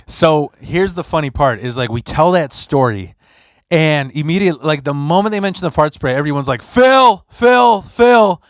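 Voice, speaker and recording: A man in his late thirties hosting a podcast, telling stories in a casual, profane, animated way and leaping into loud voices for the people he quotes. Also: fairly high pitch, a little fast, dry recording, studio quality. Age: 30s. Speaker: podcast host. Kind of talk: casual storytelling chat.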